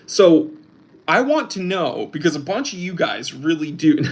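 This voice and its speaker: A man's voice: a little high, sing-song, a little slow. A young man hosting a casual livestream, reading out chat and rambling with restarts and fillers. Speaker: host of a watch channel, reading live chat.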